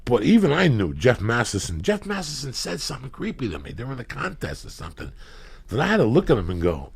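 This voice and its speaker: A man hosting a podcast, telling profane comedic stories in rambling anecdotes with loud bursts of emphasis. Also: medium pitch, huge pitch swings, quick pace, creaky, husky. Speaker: podcast host.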